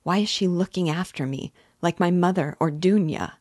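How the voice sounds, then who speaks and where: A woman's voice: on the low side, normal speed, a little mellow, no room sound, clean studio sound, close to an everyday voice. Woman reading as a feverish, agitated young man. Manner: restless, incoherent, self-mocking. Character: agitated young male student, feverish, bitter.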